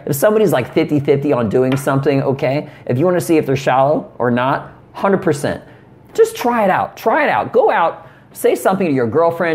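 A man giving comic relationship advice in a sarcastic, deadpan way, with casual profanity. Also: fairly high pitch. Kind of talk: comedic advice monologue.

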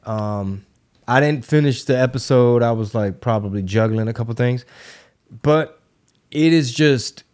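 A man's voice: medium pitch, unhurried, a little mellow. Profane, slangy man telling a story. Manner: loose, profane, slangy storyteller acting out quotes. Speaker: podcast co-host. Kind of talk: casual chat, storytelling.

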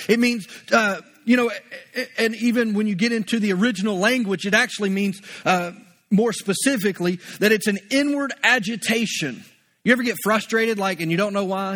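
A man's voice: high-pitched, a bit bright. A male pastor preaching a conversational sermon, often repeating words as he builds a point.

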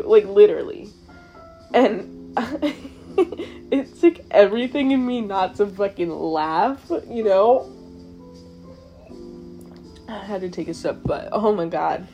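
A woman's voice: mid-range voice, slow, long pauses, dark tone, faint music behind. A young woman hosting her own show, telling a story in a casual, chatty way, swearing and saying "like" a lot. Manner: profane, chatty, heavy use of "like". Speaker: show host.

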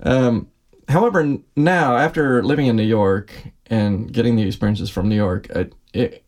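A middle-aged man, an actor, talking casually as a podcast guest, chatty and quick to laugh. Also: medium pitch, darkish tone. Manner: chatty, laughs often, acts out quotes. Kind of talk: casual conversation.

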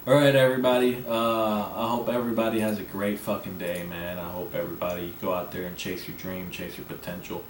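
A man with a fairly low voice rambles through a casual solo podcast, brash and full of swearing. He sits some way back from the microphone in a roomy, echoing space with a faint hiss underneath. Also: flat delivery, fairly quick, hardly any pauses. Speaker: podcast host. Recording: echoey room, mic at a distance, faint background noise.

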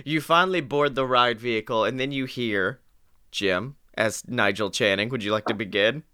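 A man's voice: medium pitch, moderate pace, bright, forceful tone, clear, resonant tone. A tired young man co-hosting a podcast, rambling and jokey with casual swearing. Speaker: podcast co-host. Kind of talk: casual chat.

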